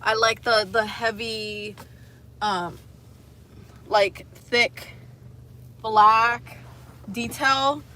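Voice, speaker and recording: A young woman hosting a casual livestream, telling animated, profane stories and laughing at her own jokes. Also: a little high, drawn-out words, long pauses, slight background noise. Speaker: livestream host.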